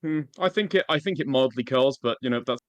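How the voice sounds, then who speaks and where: A man's voice: medium pitch, a little fast, no room sound, highs cut off. A man calling into a stream, teasing and playful. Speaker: caller. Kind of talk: casual call-in chat.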